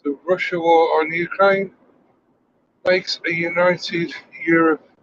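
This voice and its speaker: A man's voice: on the high side, flat delivery, takes it slowly, a bit bright. A man co-hosting a casual chat, making dry, wry remarks. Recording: dull lo-fi recording with faint noise.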